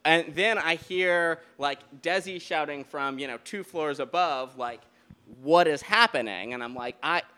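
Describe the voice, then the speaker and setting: A man telling a true story live on stage at a beer garden show, in a rambling, animated way with many restarts and fillers. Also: a little high, unhurried, few pauses, smooth.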